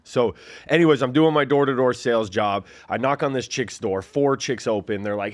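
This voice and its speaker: This forties-aged former fighter speaks at a moderate pace with a medium pitch while recounting his story as a guest. His telling is loose and wandering, packed with filler words, and he performs the quoted lines in character.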